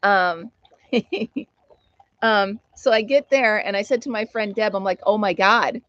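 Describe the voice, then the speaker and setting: A woman's voice: medium pitch, a little slow, a bit bright, no room sound, highs cut off. A middle-aged American woman hosting a casual live stream chat, telling a funny story and laughing often as she reads viewer comments.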